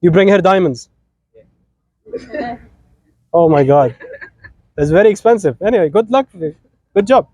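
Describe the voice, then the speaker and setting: A man with an Egyptian accent gives an informal, joking wedding sermon. His voice sits high for a man and has a dark, mellow tone. The sound is dry, with no room echo, and he keeps checking in with "right?". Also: expressive, unhurried, long pauses. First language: Arabic. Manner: chatty, teasing, keeps asking "right?". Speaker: officiant giving a wedding talk.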